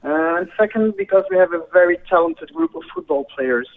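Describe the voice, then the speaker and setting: A man from Belgium with a Belgian accent, speaking English as a guest football pundit and pausing often on "uh" fillers. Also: high-pitched, huge pitch swings. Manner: measured, frequent uh fillers. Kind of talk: phone-in interview. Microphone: phone line. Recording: tinny phone line.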